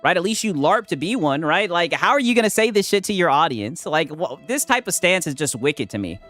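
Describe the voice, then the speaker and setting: A man's voice: on the high side, very animated, a little fast, fairly bright tone, faint music behind. A man streaming a live reaction, sarcastic and profane, calling the other man "brother" over and over. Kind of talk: casual live reaction commentary.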